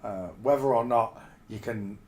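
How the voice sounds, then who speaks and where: A man's voice: on the low side, normal speed, slight background noise. A man in his forties from England, telling rambling stories in casual chat and calling the listener mate. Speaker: streamer.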